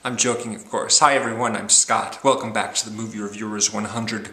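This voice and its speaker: A man's voice: on the low side, flat delivery, a little fast, creaky, bright, forceful tone, roomy sound. A man casually reviewing films in a rambling way, with many ums and uhs. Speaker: movie reviewer.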